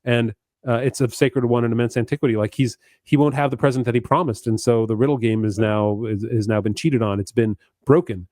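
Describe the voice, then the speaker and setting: A man's voice: medium pitch, steady tone, brisk, darkish tone, no room sound. Eager man talking books, dry close sound. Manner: enthusiastic, stammering restarts. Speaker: podcast co-host. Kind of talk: casual book discussion.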